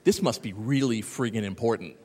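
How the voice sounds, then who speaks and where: A man giving a live talk to an audience, animated and sarcastic, rambling through asides. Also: on the low side, a little fast, breathy edge, in a large hall. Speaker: conference speaker. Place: large hall with audience.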